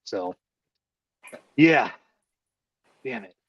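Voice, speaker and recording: A man's voice: lowish voice, lively intonation, drawn-out words, a bit bright, slightly rough, dry recording. A man hosting a casual chat, rambling and swearing freely. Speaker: host. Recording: dull lo-fi audio.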